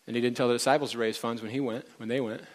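A man's voice: medium pitch, steady tone, racing. A man preaching a conversational sermon to a live congregation, chatting directly with the people in the room.

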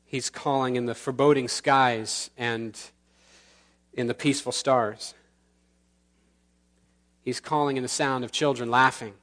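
A man preaching from the pulpit in an earnest, medium-pitched voice. He slows down on key words and lets his voice drop into quiet pauses. He leads the congregation in prayer at the close. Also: steady tone. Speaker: pastor. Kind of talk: sermon. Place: church sanctuary.

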